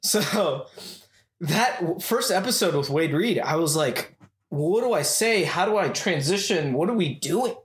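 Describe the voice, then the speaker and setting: Brief: animated male host rambling to his audience on a chat podcast, echoey room. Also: a little high, measured pace. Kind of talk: casual chat. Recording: roomy echo.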